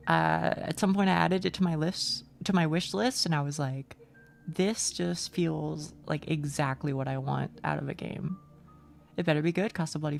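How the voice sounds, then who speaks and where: A young woman streaming a game live, chatty and excitable, swearing freely and reading out chat. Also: lowish voice.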